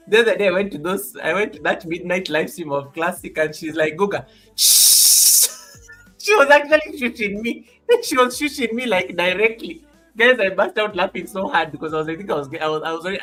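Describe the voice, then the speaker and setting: A man's voice: on the high side, a bit bright. Playful teasing man on a live stream. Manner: playful teasing, mock threats, laughs often. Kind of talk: casual live stream chat. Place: office.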